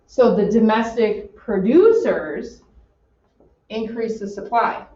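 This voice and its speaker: A woman teaching an economics class in an animated, joking way, acting out her examples. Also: a little high, takes it slowly. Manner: animated, jokey, acts out examples. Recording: roomy, distant, dull classroom audio.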